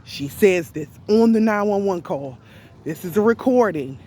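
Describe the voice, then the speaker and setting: A woman retelling an event to viewers in casual speech, deliberate and emphatic, pressing her points with rhetorical questions. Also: mid-range voice, animated, dark tone. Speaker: storyteller recounting an event to viewers.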